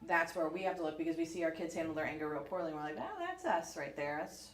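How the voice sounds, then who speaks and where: A woman in her thirties from the United States, chatting casually as a podcast co-host, telling stories in an animated way with lots of fillers. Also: deep voice, very fast. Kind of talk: casual book club chat. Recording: echoey room.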